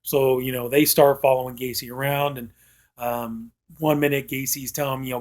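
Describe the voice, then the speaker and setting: A man's voice: medium pitch, little pitch movement, moderate pace, darkish tone. A man giving a casual film review, rambling and filling his talk with "you know". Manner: rambling, heavy use of "you know" fillers; acts out quoted lines from the film.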